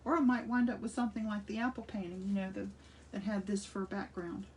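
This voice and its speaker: A woman's voice: mid-range voice, little pitch movement, fast, a little mellow, distant mic. Chatty older woman demonstrating collage. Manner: chatty and enthusiastic, thinking aloud while working. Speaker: art instructor. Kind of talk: casual craft demonstration. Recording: voice slightly off-mic with faint room noise.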